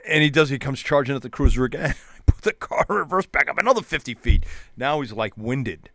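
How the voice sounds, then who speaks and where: A man, a police officer, telling an old traffic-stop story in a relaxed chat, restarting his sentences often. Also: medium pitch, brisk, dry recording. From New Hampshire, US. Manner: rambling, many restarts, animated retelling. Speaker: police officer guest on a show. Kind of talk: casual storytelling.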